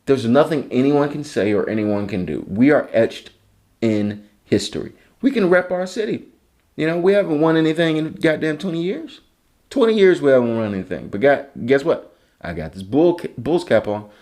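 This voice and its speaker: A man's voice: a little high, expressive, moderate pace, darkish tone. Male podcast host from Chicago, foul-mouthed sarcastic ranter, solo comedy show. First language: English. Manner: profane, ranting, sarcastic.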